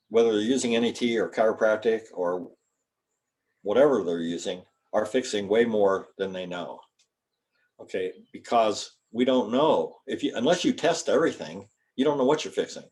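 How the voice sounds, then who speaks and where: Speaking to students as a guest, an older male chiropractor gives a loose, folksy lecture that rambles and pauses to spell out terms. He has a lowish, slightly mellow voice.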